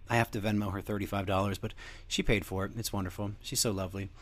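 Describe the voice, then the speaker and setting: A man's voice: lowish voice, steady tone, fast. A young man hosting a show, rambling through a crude, joking casual monologue. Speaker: podcast host.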